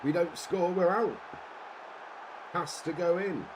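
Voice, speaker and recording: A man's voice: high-pitched, slow, background noise. A man streaming a football management game, giving casual live commentary and cheering and groaning at the screen.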